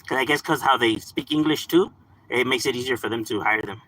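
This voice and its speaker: A man's voice: medium pitch, a little fast, pushed and bright, rough recording. A young man chatting casually on a live stream, slangy and laughing often. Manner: laid-back slang, mixes in Spanish words, laughs often.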